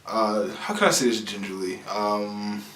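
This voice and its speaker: A man's voice: fairly low pitch, little pitch movement, measured pace, a bit bright, reverberant, slight background noise. A young man co-hosting a casual show, joking around and hesitating with fillers as he looks for words. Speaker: podcast co-host. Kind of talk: casual chat.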